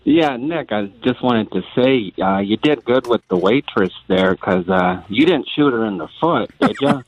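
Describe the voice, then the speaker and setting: A male caller from Iowa cracking crude jokes on a talk show, laughing between his lines. He has a mid-pitched voice with lively, bouncing intonation. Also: moderate pace, dull audio. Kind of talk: call-in chat.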